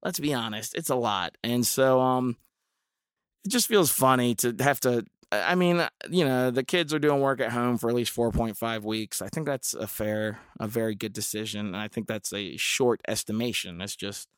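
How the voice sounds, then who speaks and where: A man's voice: medium pitch, moderate pace, clean tone, no room sound, clean studio sound. A man in his thirties hosting a solo podcast, rambling through jokey tangents with lots of fillers and restarts. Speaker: podcast host and middle school teacher.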